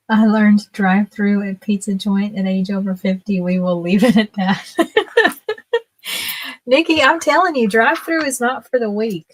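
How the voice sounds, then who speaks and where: A woman's voice: medium pitch, steady tone, moderate pace, no room sound. A woman in her fifties, a guest on a livestream, telling casual stories in a chatty way and laughing often. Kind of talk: casual storytelling.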